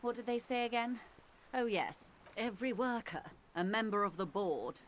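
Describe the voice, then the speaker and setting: With a slight hiss or hum on the recording, a woman speaks in a higher-than-average, near-everyday voice. She's acting in a video game as a formal, poised middle-aged negotiator, delivering polished lines in a composed, measured manner.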